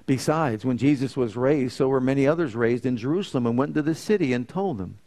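A man preaching a sermon, asking rhetorical questions and swinging between loud emphasis and soft, low passages. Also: expressive, a little fast.

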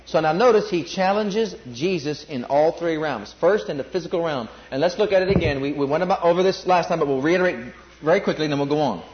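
A man preaches in a notably high voice, pressing his points by repeating phrases and rising to excited peaks. The recording is dull and lo-fi. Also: fast talker, a little hiss or hum. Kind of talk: sermon.

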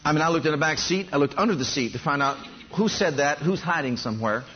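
A man's voice: a little high, quick pace, dull audio, slight background noise. A man preaching a sermon, telling stories from his own life and speaking directly to the congregation. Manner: animated storytelling, addresses congregation directly.

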